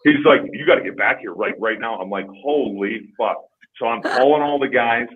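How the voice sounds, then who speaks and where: A man's voice: medium pitch, normal speed, slightly rough, narrow, tinny audio. A man, a former hockey player, casually telling long profane stories on a podcast. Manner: profane, rambling anecdotes. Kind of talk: casual storytelling.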